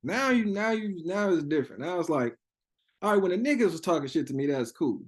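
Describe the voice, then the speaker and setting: A young man telling a story in a casual interview, profane and animated, laughing often and acting out quotes. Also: high voice, fairly quick. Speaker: interview guest.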